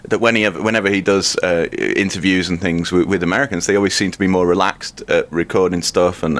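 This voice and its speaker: Low-voiced British man, easygoing. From Britain. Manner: easygoing, hesitant with ums. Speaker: podcast co-host. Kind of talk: casual chat.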